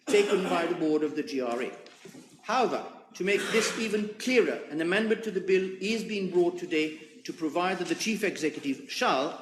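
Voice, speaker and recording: A man's voice: high-pitched, a little hiss or hum. A man speaking in parliament, formal and emphatic, leaning hard on repeated words. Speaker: member of parliament. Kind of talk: parliamentary speech. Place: parliament chamber. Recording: echoey chamber, faint ambience.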